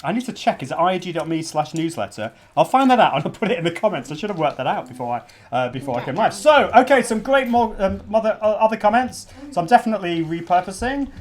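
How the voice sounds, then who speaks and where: Hosting a live stream launch party, this middle-aged podcast host chats casually in a high-pitched, animated voice, talking quickly with hardly any pauses. He restarts himself often, and kids interrupt him.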